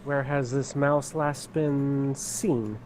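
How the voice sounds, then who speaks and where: A man playing a tabletop game, asking questions in a deliberate way. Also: medium pitch, fairly even intonation, darkish tone, slight background noise, low-quality recording. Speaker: player.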